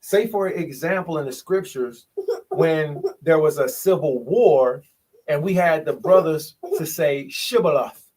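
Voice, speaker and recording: Man, high-pitched, animated casual preacher on a video call, leans on rhetorical questions. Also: measured pace. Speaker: bible study speaker.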